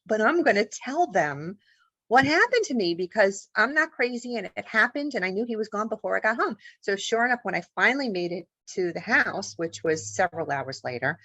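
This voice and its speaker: This mid-range female voice moves fairly quickly with lively intonation, sounding pushed and bright on a muffled, dry recording. She's an author and paranormal investigator being interviewed, recounting something personal with emotion and voicing other people's lines.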